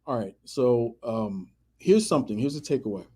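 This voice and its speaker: A man's voice: medium pitch, expressive, moderate pace, dark tone, breathy edge. A man hosting a motivational radio show, talking emphatically, repeating key phrases and acting out the people he quotes. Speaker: podcast host.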